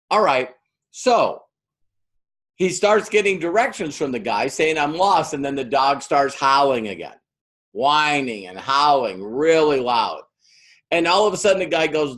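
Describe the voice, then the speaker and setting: A man's voice: medium pitch, animated, measured pace, fairly bright tone. A middle-aged man giving a motivational business training talk, telling stories and acting out the quoted voices. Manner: storytelling, acts out quoted voices.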